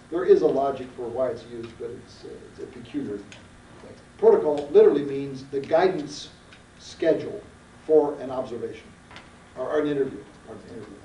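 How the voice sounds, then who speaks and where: Recorded from afar on a roomy archival classroom tape, a man with a mellow, medium-pitched voice leads a research seminar. Standing in a lecture room, he lectures and quizzes his students with folksy emphasis. There's slight background noise.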